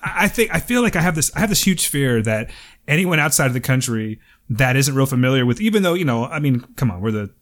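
A man in his thirties co-hosts a casual podcast, bantering and cracking jokes. His voice sits at an ordinary mid pitch. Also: animated, quick pace, fairly bright tone. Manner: joking, playful impressions. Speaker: podcast co-host. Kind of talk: casual chat.

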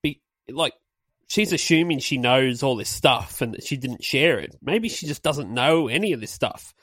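A man's voice: mid-range voice, expressive, moderate pace, fairly bright tone, no room sound, studio quality. A man co-hosting a podcast, chatting casually and sarcastically about a song and swearing freely. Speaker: podcast co-host. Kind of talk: casual chat reacting to a song.

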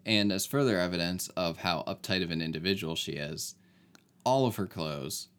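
Deep-voiced dry-witted man. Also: normal speed. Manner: dry, deadpan wit. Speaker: podcast co-host reviewing a movie. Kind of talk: casual chat.

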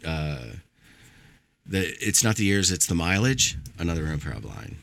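Animated, low-voiced man telling a story. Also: measured pace, gravelly, dry recording. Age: middle-aged. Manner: animated storyteller, acts out quotes, swears. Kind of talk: casual movie commentary chat.

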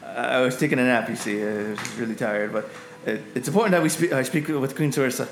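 A man's voice: mid-range voice, fast talker, close to an everyday voice. A man voicing a nervous, stammering old male wizard in a tabletop game. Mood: flustered. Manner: stammering, flustered. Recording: echoey room, faint music.

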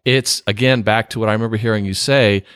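A man hosting a podcast interview, animated and laughing often. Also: on the low side, fast, clear, resonant tone, no echo, studio quality. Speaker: podcast host.

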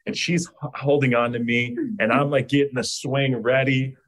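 Animated man telling a funny story. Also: mid-range voice, normal speed. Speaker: guest. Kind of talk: casual storytelling.

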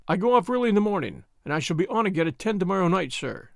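Brief: uneasy signalman in a storybook reading , a man voicing him, low hushed voice, grave halting delivery, dry close sound. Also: big pitch swings, gravelly, dry recording, full character voice. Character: haunted, troubled middle-aged male railway signalman.

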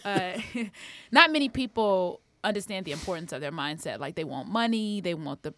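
A woman's voice: on the low side, animated, normal speed, fairly bright tone, no room sound. A woman, a comedian hosting a podcast, telling stories expressively with frequent laughs. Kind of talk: casual chat.

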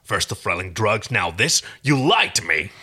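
Gruff alien warrior man, deeper than the reader's own voice, bright edge, read by a man. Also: normal speed, exaggerated voice. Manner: gruff, low and steady.

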